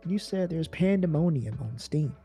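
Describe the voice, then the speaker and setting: A man's voice: fairly high pitch, expressive, moderate pace, dark tone, faint music behind. A man co-hosting a gaming news show in loose, chatty talk, full of fillers and laughs. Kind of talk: casual chat.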